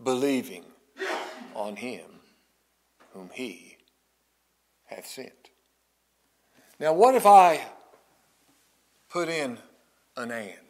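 A middle-aged male pastor preaching a sermon slowly and emphatically, with long dramatic pauses and drops to near whispers. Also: mid-range voice, very animated.

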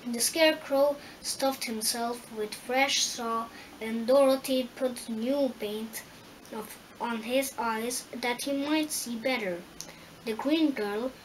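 A woman narrating a storybook chapter in a slow, careful reading voice. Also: a little high, slight background noise, low-quality recording. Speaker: audiobook reader.

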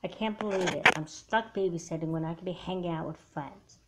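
A woman's voice: on the low side, brisk, heavy background noise, lightly acted. A woman voicing a grumpy, resentful big-sister girl in a homemade doll movie, talking in a snappy, dismissive way. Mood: sulky. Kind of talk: home doll-movie voice acting.

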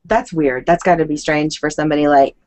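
Chatty woman host, lowish voice. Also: steady tone, fairly quick, darkish tone. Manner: chatty, upbeat reactions. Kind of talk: casual interview chat.

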